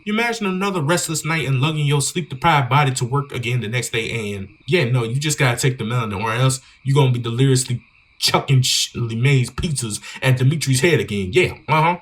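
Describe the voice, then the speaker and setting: A man's voice: medium pitch, a little fast. A man giving joking, slangy commentary on a horror game while reading its dialogue aloud. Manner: joking, slangy, riffing on the story. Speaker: gaming YouTuber.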